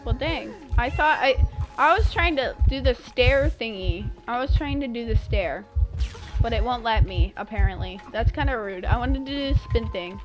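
A young woman with a fairly high voice streams a game at a moderate pace, casually and playfully chatting with her viewers. She giggles and hums made-up tunes, with faint game music in the background.

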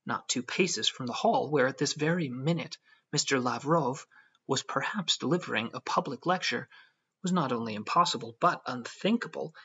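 A man narrating an audiobook in a measured storytelling manner. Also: medium pitch, bright, forceful tone, breathy edge. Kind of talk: scripted narration. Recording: dull lo-fi audio.

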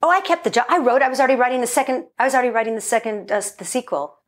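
A woman guest in a casual interview, a lively storyteller who acts out quotes and laughs often. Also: fairly high pitch, very fast.

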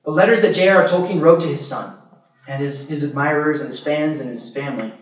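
High-voiced priest preaching in an echoey hall. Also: male voice, fast talker. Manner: animated, laughs while telling stories. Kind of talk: adult formation talk. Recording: echoey room, mic far off.

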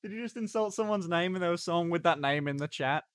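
A man's voice: high-pitched, fast, no room sound. A young man chatting casually on a live stream, rambling and stopping and starting as he reacts to chat. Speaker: livestreamer.

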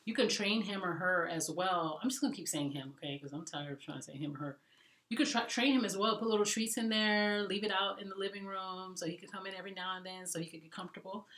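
A woman vlogging travel tips in a chatty, animated way, talking to viewers as y'all. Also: medium pitch, fast talker, echoey room. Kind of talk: casual storytelling vlog.

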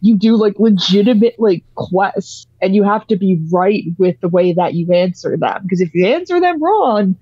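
A woman co-hosting a casual gaming podcast, animated and gushing, swearing freely. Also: medium pitch, normal speed, hardly any pauses, slightly rough, no echo, highs cut off. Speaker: podcast co-host.

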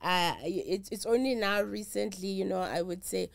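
A woman's voice: medium pitch, normal speed, creaky, dry recording. A middle-aged woman with a South African accent, a traditional healer talking candidly in an interview, emphatic and emotional. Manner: mixes English with Zulu and Sotho, emphatic and emotional.

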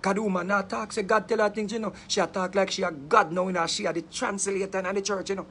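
High-voiced Jamaican man telling a story. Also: fast talker, slight background noise. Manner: animated, laughing often, patois-heavy, dramatic retelling. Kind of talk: casual storytelling.

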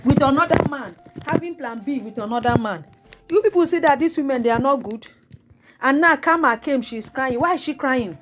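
A woman with a high voice, lively intonation and a Nigerian accent speaks a little fast over background noise. As a celebrity gossip vlogger, she delivers mocking commentary to her viewers, repeating herself and bursting into laughter.

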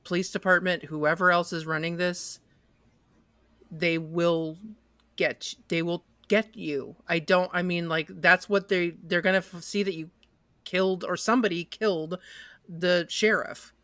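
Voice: medium pitch, steady tone, measured pace, pushed and bright, no room sound. A game master voicing a captive male goblin sheriff who talks in an earnest, pleading way.

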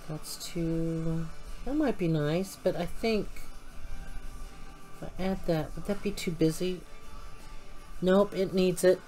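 A woman's voice: lowish voice, slow, long pauses, soft background music, rough recording. A woman chatting casually as she works at her craft desk at home, thinking aloud as she goes. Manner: hums and sings softly to herself.

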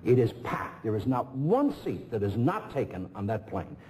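A middle-aged man sits as a talk show guest and tells a story in a lively, sing-song voice that swoops up and down as he mimics the people in it. A faint hiss of background noise sits under him. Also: medium pitch, normal speed. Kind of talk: casual anecdote telling.

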